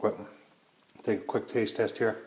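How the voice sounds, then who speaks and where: A man's voice: fairly low pitch, level tone, unhurried, breathy edge. A middle-aged man hosting his own cooking videos, talking in a folksy, chatty way and calling his viewers folks. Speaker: cooking channel host. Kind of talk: casual cooking demo to camera.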